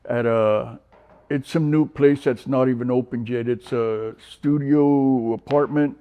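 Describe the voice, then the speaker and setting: A man's voice: medium pitch, fairly even intonation, unhurried, clear, resonant tone, phone-quality sound. A man in his sixties from San Diego, giving a personal testimonial in an interview, talking in a rambling way with many fillers and restarts. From San Diego, California. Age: 60s. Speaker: recovery program resident.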